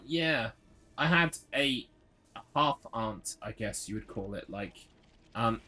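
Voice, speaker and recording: A man's voice: mid-range voice, bright, forceful tone. A man chatting casually while streaming a horror game, rambling through stories and swearing freely. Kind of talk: casual live gameplay chat.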